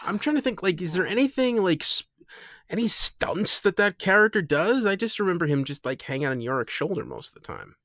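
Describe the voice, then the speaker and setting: A man's voice: sits high, sing-song, brisk, fairly bright tone, no echo. Man, casual podcast chat, enthusiastic, lots of "like" and "you know", dry recording. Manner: enthusiastic, rambling with many fillers and restarts. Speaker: podcast co-host.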